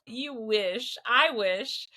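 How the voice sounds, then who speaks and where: A woman's voice: on the high side, extremely slow, bright, forceful tone. A woman hosting a podcast interview, talking in an enthusiastic, chatty way. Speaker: podcast host. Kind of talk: casual interview.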